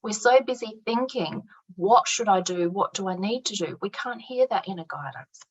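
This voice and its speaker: A woman's voice: medium pitch, animated, normal speed, husky, low-quality recording. A woman speaking as an interview guest, earnest and affirming, talking reflectively over a video call. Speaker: guest, art therapist and creativity coach.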